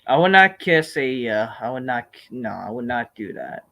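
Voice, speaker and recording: A man hosting a live stream, answering viewer questions in a rambling, profane, animated rant with sudden loud outbursts. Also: mid-range voice, moderate pace, vocal fry.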